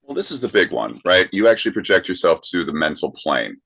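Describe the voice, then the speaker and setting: A man's voice: low voice, sing-song, creaky, fairly bright tone, no room sound, low-quality recording. A man co-hosting a podcast, explaining a topic in casual chat with frequent "uh" and "um". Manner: explains slowly with many fillers. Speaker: podcast co-host.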